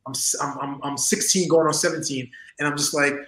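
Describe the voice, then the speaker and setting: A man in his forties, an interview guest telling stories in a lively, laughing way and acting out the voices of people in them. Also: on the high side, a little fast, reverberant, low-quality recording. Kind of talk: casual storytelling in an interview. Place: home room.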